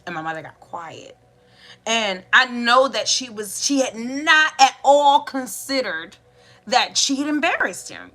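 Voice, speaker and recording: A woman in her thirties hosting a podcast, telling family stories in a casual, animated way and acting out the voices of her relatives. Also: on the high side, measured pace. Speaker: podcast host. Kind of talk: casual storytelling monologue.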